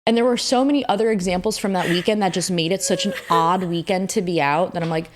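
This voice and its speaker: A young woman co-hosting a podcast, telling stories in animated, casual chat and swearing freely. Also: lowish voice, quick pace, a little hiss or hum. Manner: animated storytelling, frequent swearing. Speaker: podcast co-host.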